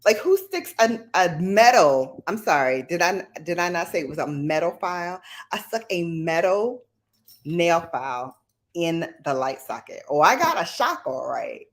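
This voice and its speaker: A woman with a low voice hosts a casual live chat. She talks at an unhurried pace and rambles from story to story. She laughs often and reads viewer comments aloud. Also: animated. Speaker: livestream host.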